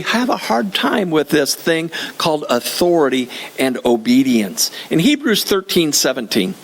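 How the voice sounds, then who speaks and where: A man's voice: on the high side, sing-song, a little slow, few pauses. An older man preaching a sermon in a church, conversational and joking, often repeating his phrases. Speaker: pastor.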